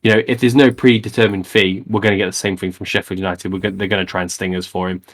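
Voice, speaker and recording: A man's voice: sits low, little pitch movement, fast talker, a little hiss or hum. A man co-hosting a football podcast, thinking aloud in casual conversation. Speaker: podcast co-host.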